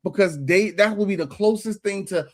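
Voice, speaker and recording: A man's voice: sits high, moderate pace, a little mellow, dry recording, clean studio sound. A man co-hosting a podcast in casual chat, playful and teasing as he talks. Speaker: podcast co-host.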